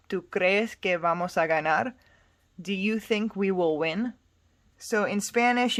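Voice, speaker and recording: Slow, patient woman tutoring Spanish. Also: lowish voice, no echo. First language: English. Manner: patient, explains step by step, casual asides. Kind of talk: recorded language lesson.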